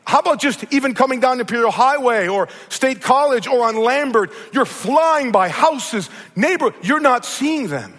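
A man's voice: extremely high pitch, animated, normal speed, few pauses, a bit bright. A middle-aged man with a Midwestern accent, preaching a sermon and telling a story in an earnest way. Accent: Midwestern American. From American Midwest. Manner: storytelling, earnest, repeats words when starting. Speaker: pastor. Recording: long reverb of a large hall.

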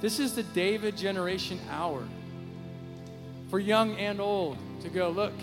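A man preaching an improvised sermon into a handheld mic in a church, rambling and growing fervent and loud. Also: high voice, unhurried, in a large hall. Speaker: pastor. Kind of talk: unscripted sermon. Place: church sanctuary. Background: worship music.

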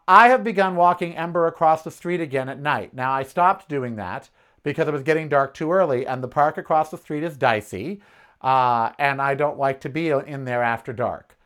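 A podcast host telling a personal story in a casual monologue, blunt and profane, with an animated, indignant delivery. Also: mid-range voice, clean tone. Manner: animated retelling, acts out its own shouts.

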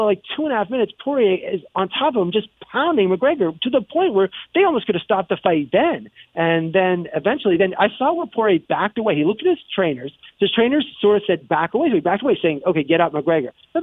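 An excitable man rattles off sports opinions in a high, fast voice. He stumbles and restarts often. The sound is thin and phone-like, with no room echo. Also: breathy edge. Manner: rambling, excited, with many restarts and mock voices. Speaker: sports commentator. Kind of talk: casual sports talk on radio. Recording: tinny phone-line sound, dry.

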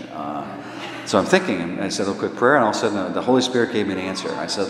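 A man preaching in a conversational storytelling way, his pitch rising when he drives a point home. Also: animated, fast talker. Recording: echoey hall with long reverb.

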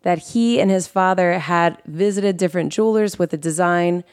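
A woman's voice: lowish voice, no echo, clean studio sound. A woman as guest host on a podcast, telling her life story earnestly and emotionally, often correcting herself mid-sentence. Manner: earnest and emotional, with quick self-corrections and restarts. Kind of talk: candid personal storytelling on a podcast.

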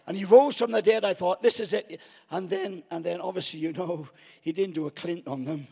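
Man preaching, high-pitched, gravelly, lively storytelling, echo of a big hall. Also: a little fast. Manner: animated storyteller, acts out his own past thoughts. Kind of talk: storytelling sermon.

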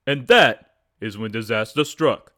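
A man's voice: on the low side, unhurried, fairly bright tone. A man with a put-on New Jersey accent, reading a comic story aloud in a dramatic storytelling manner.

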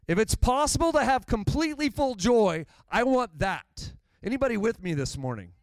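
A man preaching a sermon in a conversational, animated way, with candid asides to the congregation. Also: very high voice, moderate pace, no echo. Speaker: pastor.

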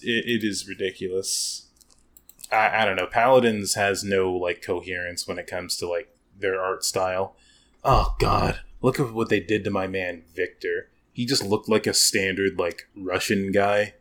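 A man's voice: low voice, fairly even intonation, unhurried, fairly bright tone. A young man in casual gaming chat, rambling and sarcastic with lots of slang.

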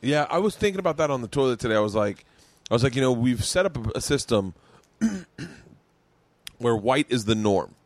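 A man's voice: medium pitch, lively intonation, fairly quick, pauses often, no room sound. A man hosting a podcast, telling stories in casual chat and acting out other people's lines as he goes. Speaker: podcast host.

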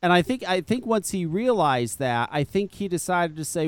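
A man with a fairly high voice tells a story in a loose, profane way and throws himself into every quote. His pitch swings all over the place. The sound is dry and close, with no room around it. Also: normal speed, few pauses, clean tone, no echo. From northern US. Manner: profane, animated storyteller who acts out quotes. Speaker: podcast host. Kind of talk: casual storytelling chat.

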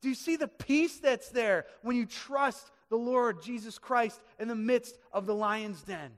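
Guy preaching, really high voice, goes from quiet to yelling, long echo like a big hall. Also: a little slow. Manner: animated, swings from hushed to shouting. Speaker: pastor. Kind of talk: sermon. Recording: echoey hall reverb.

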